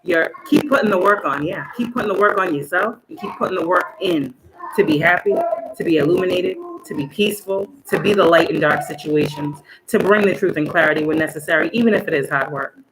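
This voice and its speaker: A woman giving a spiritual tarot reading, talking emphatically, swinging between loud outbursts and soft asides. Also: on the low side, lively intonation, brisk, creaky. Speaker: tarot reader and spiritual channeler. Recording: echoey room with background noise.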